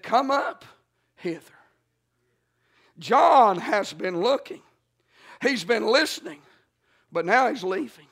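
High-voiced preacher with a rhythmic sermon. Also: male voice, fairly bright tone. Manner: rhythmic, emphatic preaching with frequent "uh" and "amen".

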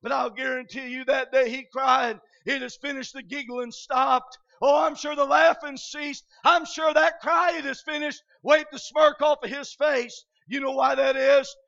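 High-voiced shouting preacher from Michigan. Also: male voice, level tone, a little slow, creaky, hardly any pauses. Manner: shouted, impassioned preaching with frequent "uh" fillers. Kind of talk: revival sermon. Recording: dull lo-fi recording.

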